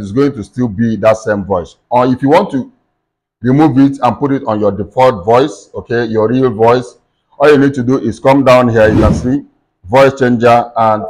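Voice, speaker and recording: A man hosts a screen-recorded software tutorial and walks through each step. He talks in a plain instructive way, often saying "okay" and "um" as he moves between steps. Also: medium pitch, poor audio. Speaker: tech tutorial host.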